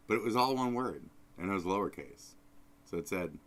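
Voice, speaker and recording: A man hosting a live stream, rambling in a profane, off-the-cuff way, jumping between loud outbursts and low mutters. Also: expressive, fairly quick. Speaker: streamer host. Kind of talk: casual live-stream rant.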